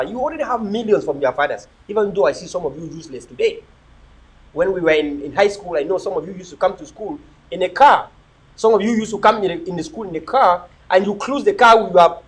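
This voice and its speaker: Animated husky-voiced man. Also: high voice, low-quality recording. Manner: preachy, animated, mixes pidgin and English. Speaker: livestream host. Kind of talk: live video chat reading comments.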